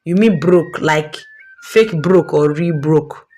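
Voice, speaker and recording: A woman's voice: deep voice, takes it slowly, dark tone, soft background music. A woman voicing a lazy, spoiled young son who talks in a whiny, sleepy way. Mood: nervous.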